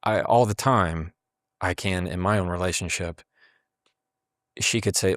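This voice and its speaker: A man's voice: low voice, a little slow, fairly bright tone, no echo, clean studio sound. A man in casual conversation who explains communication habits and acts out quoted dialogue as he goes.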